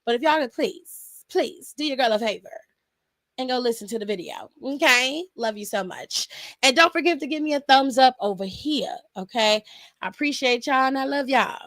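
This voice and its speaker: A woman's voice: sits high, lively intonation, normal speed, fairly bright tone, no room sound. A young woman hosting a casual live-stream aftershow, chatty and laughing often, talking straight to her viewers from home.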